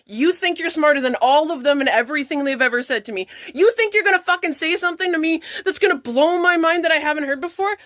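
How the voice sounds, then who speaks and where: A woman's voice: sits high, fairly bright tone, dry recording. A young adult woman angrily venting to camera, swearing and close to tears. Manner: angry, profane, fast venting. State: tearful. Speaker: parent vlogger. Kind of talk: emotional rant to camera.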